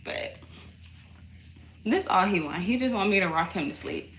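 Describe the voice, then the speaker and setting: Young mom vlogger with a lively, up-and-down pitch and a loud, frequent laugh, recorded in an echoey room with a noisy background. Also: female voice, fast talker. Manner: laughs loudly and often, swears casually; coos softly to her baby between remarks. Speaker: mother vlogging. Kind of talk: casual chat to camera. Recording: echoey room with steady noise.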